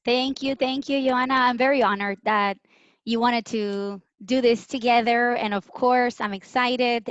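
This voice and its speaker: A woman's voice: on the high side, dry recording, muffled recording. A woman with a British English accent, an interpreter and guest, introducing herself in an earnest, friendly way with light filler words over a video call. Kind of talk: casual self-introduction.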